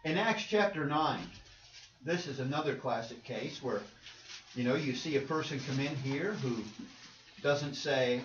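A man's voice: mid-range voice, normal speed, fairly bright tone. A man preaching a sermon with emphatic delivery, repeating words and acting out the quotes he cites. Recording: roomy, distant, dull with faint noise.

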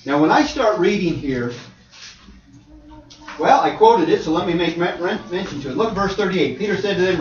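A male preacher giving a sermon, animated and conversational, swinging from loud to quiet. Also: high voice, brisk. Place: church hall. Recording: dull, roomy, distant church hall.

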